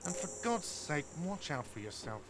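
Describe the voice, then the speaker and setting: A harried cafeteria manager in a video game, apologetic yet firm about the bill. His voice sits fairly high and leaps around a lot as he pleads. Ambient noise hums behind him. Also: big pitch swings, normal speed. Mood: flustered. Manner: flustered, pleading.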